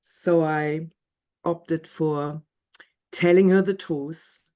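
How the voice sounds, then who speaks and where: A woman telling a story aloud to an audience, animated, laughing often and dropping into whispers. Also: low voice, extremely slow. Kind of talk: live storytelling.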